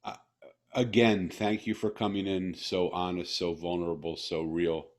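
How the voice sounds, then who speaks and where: A man's voice: sits low, little pitch movement, moderate pace, a little mellow. A middle-aged man hosting a heartfelt interview, telling stories earnestly and often restarting his sentences. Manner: earnest, emotional storyteller with frequent restarts. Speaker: podcast host.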